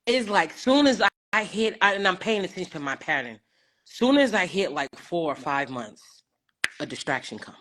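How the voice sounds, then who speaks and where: A woman's voice: lowish voice, lively intonation, moderate pace, a bit bright. A young woman calling into a live stream, talking in an emotional, rambling and effusive way. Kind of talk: casual chat.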